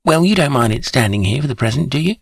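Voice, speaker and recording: A man's voice: mid-range voice, lively intonation, fast talker, slightly rough, no echo, clean studio sound, voice pushed up. A man voicing a weary, haggard young Englishman who speaks in a dreamy, distracted way. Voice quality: dreamy, tired.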